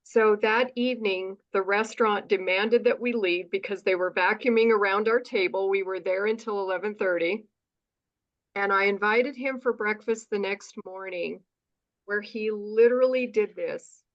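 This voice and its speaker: On dull-sounding audio, a U.S. woman being interviewed talks at normal speed in a medium-pitched voice. She recounts her story with energy, performing the dialogue and saying "right?" again and again.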